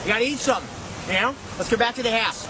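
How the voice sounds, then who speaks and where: Man doing a high-pitched pushy Philly guy, nagging and begging, loud surf and noise behind. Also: racing, a crowd in the background. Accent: Philadelphia. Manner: nagging, pleading, repetitive. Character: exasperated Philly man yelling at a swimmer, impatient, hungry. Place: outdoors by the water. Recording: noisy outdoor video audio with surf.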